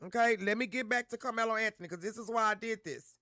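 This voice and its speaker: Man, high bright voice, livestream host chatting to viewers. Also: fast talker, dry recording, clean studio sound. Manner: addresses chat directly, repeats himself. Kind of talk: livestream chat talk.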